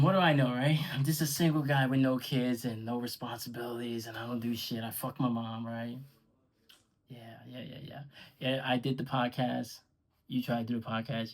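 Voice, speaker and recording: A man's voice: medium pitch, rough recording. Man ranting angrily at a rival. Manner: heated, profane, sarcastic, addressing a rival directly. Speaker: podcaster and vlogger. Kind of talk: angry direct-to-camera rant.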